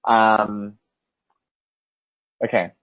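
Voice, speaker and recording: A man's voice: on the low side, little pitch movement, very slow, no echo. Giggly young Australian man, muffled. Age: 20s. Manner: giggly, laughs between phrases. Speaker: spiritual guide giving a reading. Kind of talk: casual intuitive reading. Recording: muffled lo-fi call audio.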